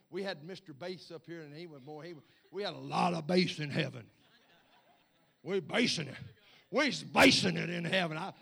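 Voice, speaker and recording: A man preaching a sermon as pastor, swinging from low asides to hollered, repeated lines. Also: vocal fry, slightly rough. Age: middle-aged or older. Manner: building to shouted, hollering preaching with stammered repeats.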